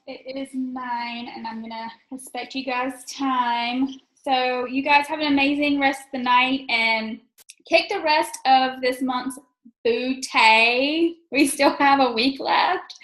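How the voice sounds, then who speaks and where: A woman with a high voice hosts a casual team video call. She is chatty and upbeat, with plenty of fillers. The sound is roomy and echoey. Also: fairly even intonation, takes it slowly. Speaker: team coach leading a call.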